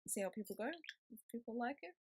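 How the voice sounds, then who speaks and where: A woman's voice: fairly high pitch, quick pace. A young woman, chatting to camera in a rambling vlog, recorded indoors on a laptop webcam mic with a noisy pet bird nearby. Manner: rambling, chatty, with frequent ums and self-talk. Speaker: vlogger. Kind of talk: casual chat to camera. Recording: loud background noise from laptop webcam.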